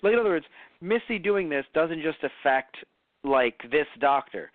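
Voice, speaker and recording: A man co-hosting a casual review podcast, rambling and animated, cursing now and then. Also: on the high side, moderate pace, no echo. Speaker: podcast co-host. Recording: tinny phone-like audio.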